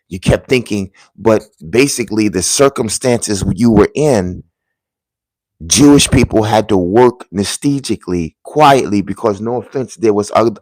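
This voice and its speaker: A man earnestly telling viewers about a vivid dream in a casual, halting way, dropping to a hush at the tense parts. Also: fairly low pitch, dry recording. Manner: earnest, halting, drops to a hushed voice at tense moments.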